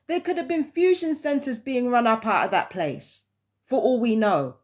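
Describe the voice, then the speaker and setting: Brief: woman vlogger, somewhat high voice, heated profane rant. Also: expressive, moderate pace. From London, England. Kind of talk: casual monologue to camera.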